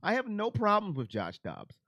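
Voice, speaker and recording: A man hosting a casual live stream. He chats with viewers by name and talks in an emotional, animated way. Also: high-pitched, normal speed, dry recording, lo-fi sound. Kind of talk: casual live chat about football.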